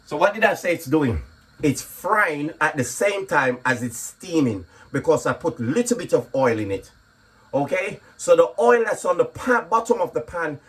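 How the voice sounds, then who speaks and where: A man with a slightly husky voice chats his way through a home cooking video, explaining each step. He keeps checking in with a quick "okay?" and stays relaxed and talkative in his own kitchen. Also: a little high. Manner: chatty, repeats "okay?" often. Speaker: comedian and cooking vlogger. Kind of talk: casual cooking vlog chat.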